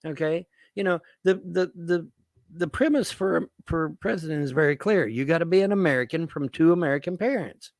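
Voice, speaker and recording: Brisk and slightly high, his voice has no room sound. He's a vlogger ranting about politics to his viewers in a rambling way, swearing, going over the same points and throwing out rhetorical questions.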